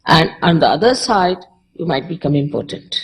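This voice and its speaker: Lively Indian-accented woman giving a spiritual talk. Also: low voice, normal speed, rough recording. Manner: conversational, repeats short phrases for emphasis. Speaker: spiritual teacher. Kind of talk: public spiritual lecture.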